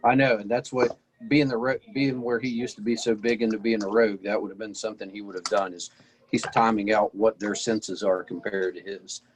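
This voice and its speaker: A man taking part in a tabletop role-playing game. His voice is low, and his talk is casual and plain. He explains what his character does and why. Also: level tone, a little fast, low-quality recording. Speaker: player.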